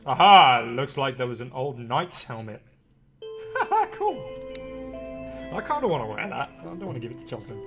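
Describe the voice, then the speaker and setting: Man, live gameplay commentary, excitable, talks to viewers, loud game music behind. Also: mid-range voice, fast talker, vocal fry. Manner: chatty, excitable, thinks aloud to viewers. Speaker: game streamer.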